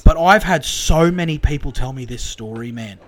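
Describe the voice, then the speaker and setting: A young Australian man telling an animated story in casual podcast chat, swearing freely and acting out the voices. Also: fairly high pitch, normal speed, a crowd in the background. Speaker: podcast co-host.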